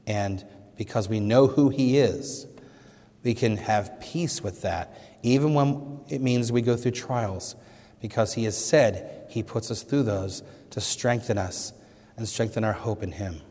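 A man's voice: lowish voice, unhurried, dark tone. A man preaching a sermon, earnest, lifting his voice when quoting scripture. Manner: earnest, rising emphatically on scripture quotes. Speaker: pastor. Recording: long reverb of a hall.

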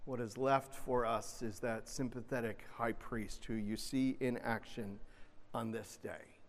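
A man preaching a sermon, animated, swinging between loud emphasis and soft, gentle asides. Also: mid-range voice, unhurried. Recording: long reverb of a large hall.

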